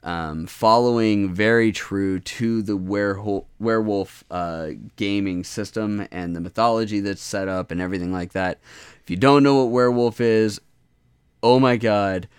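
A man co-hosting a casual gaming podcast, excitable and quick to laugh and swear. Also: lowish voice, smooth, no echo, clean studio sound. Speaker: podcast co-host. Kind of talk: casual chat.

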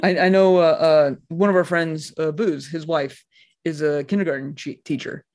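Man, fairly high voice, casual chat, stammers and restarts, animated storytelling. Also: normal speed. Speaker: podcast co-host.

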